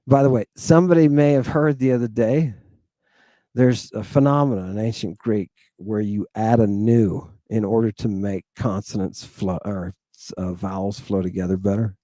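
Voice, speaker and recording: A man teaching a lesson in a casual, animated way, often asking "right?" and calling his listeners "people". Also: lowish voice, moderate pace, dry recording. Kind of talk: informal lesson.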